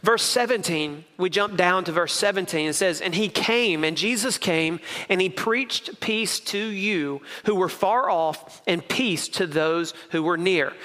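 High, bright-voiced man preaching in a hall. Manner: preaching with emphatic repetition. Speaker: pastor. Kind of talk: sermon. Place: church sanctuary. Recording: reverberant hall.

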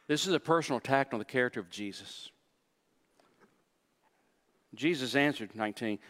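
Man, pastor, sermon, emphatic, verse-by-verse explanation, stammered restarts, mid-pitched voice. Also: moderate pace, pauses often, a bit bright. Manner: rising and falling intensity, with short stammered restarts.

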